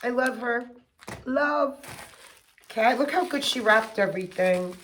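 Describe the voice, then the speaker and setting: A middle-aged woman chatting casually and gushing with excitement as she unboxes gifts for her vlog. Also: a little high, unhurried, a little hiss or hum. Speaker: home fragrance vlogger.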